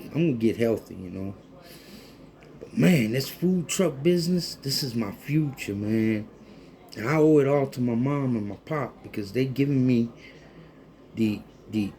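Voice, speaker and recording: A man, talking casually and warmly to viewers in a rambling cooking vlog from his home kitchen. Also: lowish voice. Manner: heartfelt, rambling, addresses viewers as folks. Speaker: cooking vlogger.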